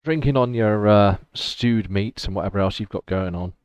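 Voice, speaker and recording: A man narrating a tabletop game as game master, describing scenes in a relaxed way with fillers. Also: fairly low pitch, moderate pace, clear, resonant tone, no echo. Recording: dull dry lo-fi recording.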